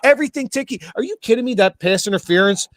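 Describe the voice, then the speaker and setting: A man's voice: sits high, animated, fast talker, dry recording. A man, co-hosting a podcast and ranting about a game in a profane, heated way, repeating himself. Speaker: podcast co-host. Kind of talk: casual sports rant.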